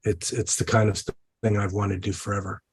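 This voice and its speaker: Speaking with a breathy edge and a voice on the low side, this man talks briskly and evenly. He's a New Orleans film director being interviewed about his film, and he often restarts and leans on fillers.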